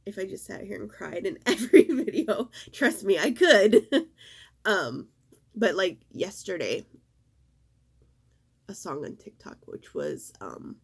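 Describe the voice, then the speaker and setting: Middle-aged woman vlogging, teary and halting, slow and breathy. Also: mid-range voice, very animated. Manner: halting, emotional, fighting back tears. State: tearful. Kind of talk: casual vlog talk.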